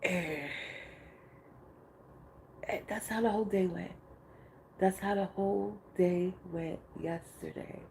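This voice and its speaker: A woman's voice: medium pitch, fairly even intonation, takes it slowly, creaky, pauses often, darkish tone, a little hiss or hum, poor audio. A woman hosting a podcast, speaking candidly in a casual spiritual monologue, laughing often and swearing freely. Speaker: podcast host.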